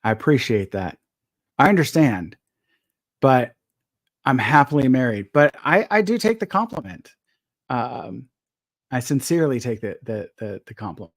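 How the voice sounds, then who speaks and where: A man's voice: medium pitch, big pitch swings, moderate pace, pauses often, dry recording, clean studio sound. A man hosting a casual live chat, polite and hesitant, restarting his sentences often. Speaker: host.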